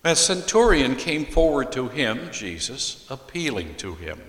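A man preaching an expository sermon as a pastor, deliberately reading scripture aloud and explaining it. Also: mid-range voice, sing-song, fairly bright tone. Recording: echoey hall with long reverb.

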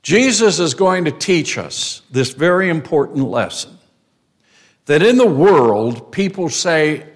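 A man's voice: on the high side, very animated, slow. A man preaching an expository sermon, emphatic, repeating phrases for stress.

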